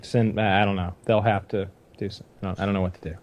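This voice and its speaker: A man's voice: fairly low pitch, little pitch movement, quick pace. A man hosting a podcast, ranting about his frustrations in a casual, rambling way with lots of swearing. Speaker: podcast host. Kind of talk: casual chat.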